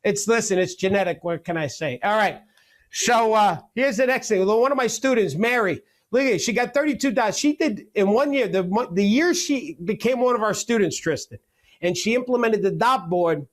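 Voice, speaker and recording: Brief: middle-aged male coach on a webinar call, high voice, fast joking delivery. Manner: energetic, joking, rapid-fire. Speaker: real estate coach. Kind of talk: webinar teaching.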